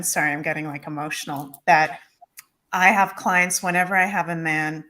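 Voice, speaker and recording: A woman's voice: on the low side, fairly bright tone. A woman tarot reader on a livestream, speaking with heartfelt emotion and saying "like" often. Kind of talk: livestream talk.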